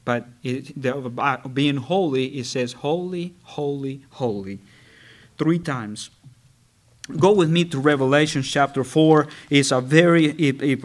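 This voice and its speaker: A man preaching a sermon, reading scripture slowly and earnestly and rising in pitch and volume when he stresses a point. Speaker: pastor.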